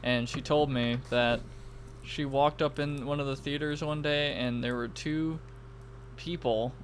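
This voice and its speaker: A man's voice: medium pitch, fairly even intonation, measured pace, slight background noise. A young man co-hosting a podcast, chatting casually with crude slang and swearing. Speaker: podcast co-host. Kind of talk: casual chat.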